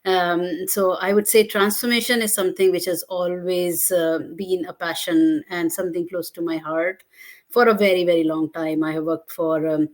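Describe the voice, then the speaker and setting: A woman with a somewhat low voice, speaking as a guest in a conversational interview. She explains her points earnestly. She pauses often on filler sounds as she gathers her thoughts. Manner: earnest, explanatory, with frequent hesitations. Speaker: guest, digital transformation leader.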